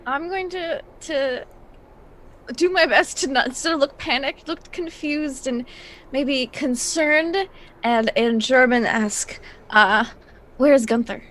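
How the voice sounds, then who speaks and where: A woman's voice: high voice, slow, a bit bright. A woman playing in a tabletop horror game, chatty and giggly with lots of hesitation. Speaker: player. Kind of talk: casual tabletop play.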